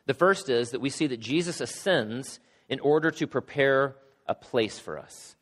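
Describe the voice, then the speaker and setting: A middle-aged male pastor with a cold and a hoarse voice, preaching a sermon with casual joking asides. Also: medium pitch, a bit bright. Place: church sanctuary. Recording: long hall reverb.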